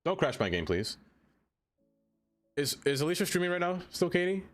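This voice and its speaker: A man's voice: high voice, very animated, moderate pace, soft background music. A young man from the United States chatting casually on a live stream, laughing a lot and playfully trying out silly accents.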